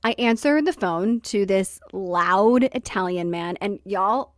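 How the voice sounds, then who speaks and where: Woman podcast host, mid-pitched, wry storyteller, dry close sound. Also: takes it slowly, no echo. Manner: lively, wry storytelling with acted-out quotes and laughter. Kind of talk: casual storytelling chat.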